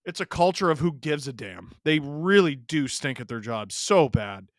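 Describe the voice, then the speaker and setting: Hockey streamer guy, high bright voice, ranting and heckling the refs, dry close sound. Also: normal speed, dry recording. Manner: excitable, ranting at the referees; sarcastic, heckling. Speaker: streamer hosting a live hockey watch-along. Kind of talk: live play-by-play reaction.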